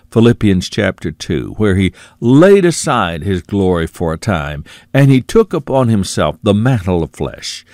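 A man preaching a sermon, earnest, repeating phrases for emphasis and dropping low and quiet on asides to the listener. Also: no echo, studio quality.

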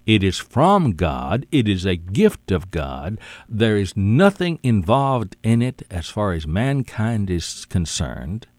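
With a lowish, very animated voice on a dry recording, this man delivers a sermon. He leans on emphasis and repetition of key words, stretches out his phrasing, and keeps addressing the listener as "my friend."

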